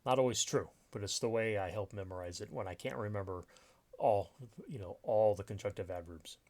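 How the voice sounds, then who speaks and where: A man's voice: lowish voice, brisk, a little mellow. A man teaching a recorded grammar lesson over slides, explaining step by step with many fillers and restarts. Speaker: writing instructor.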